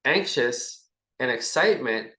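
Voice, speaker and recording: A man's voice: mid-range voice, lively intonation, a little slow, sharp tone. A man as a podcast guest, talking loosely and rambling, acting out little bits of dialogue between himself and his partner. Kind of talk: casual conversation. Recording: echoey room.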